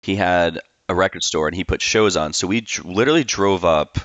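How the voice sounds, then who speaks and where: Low-voiced man on a dry, dull line. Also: brisk, a bit bright, no room sound. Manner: loose and joking, swears casually. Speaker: podcast host. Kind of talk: casual reminiscing chat. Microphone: video call. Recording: dry, dull lo-fi call audio.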